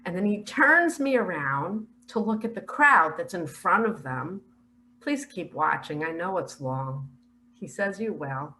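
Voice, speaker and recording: An older woman earnestly recounting a spiritual vision in a slow, heartfelt, emotional way. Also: lowish voice, expressive, bright, forceful tone, slight background noise, rough recording. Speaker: spiritual speaker sharing visions.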